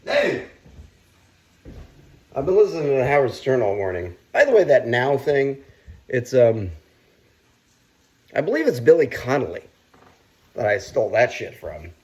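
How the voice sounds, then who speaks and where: A man cooking and chatting on his own vlog, rambling and swearing freely, with sudden loud outcries. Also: medium pitch, sing-song, moderate pace, long pauses. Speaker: cooking vlogger.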